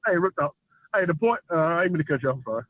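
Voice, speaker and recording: Male caller, high voice, joking casual chat, tinny dry phone line. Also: animated, rapid-fire, no room sound. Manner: loose and joking, lots of filler phrases.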